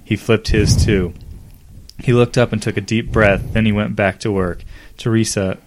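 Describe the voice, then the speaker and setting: A man's voice: on the low side, fairly even intonation, normal speed, slight background noise. A man reading fan fiction aloud as a comedy podcast host, acting out the dialogue and breaking into laughs. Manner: reads dramatically, breaks into laughter and asides.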